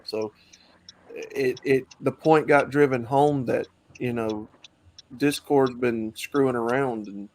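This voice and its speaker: A man hosting an online talk stream, chatting casually in a loose, rambling way with many fillers. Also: medium pitch. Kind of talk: casual chat.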